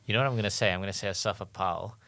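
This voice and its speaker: A man co-hosting a casual comedic trivia podcast, from South Africa, talking in a rambling, animated way and laughing often. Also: low-pitched, rapid-fire, no room sound. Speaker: podcast co-host.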